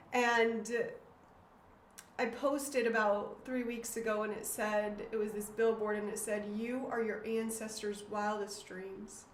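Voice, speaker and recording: A woman in her thirties with a somewhat high voice talks casually and reads from her own book, earnest and emotional, stumbling over words now and then. The room has a noticeable echo, with a faint hum of noise underneath. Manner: earnest, emotional, with frequent fillers and restarts. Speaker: author and host.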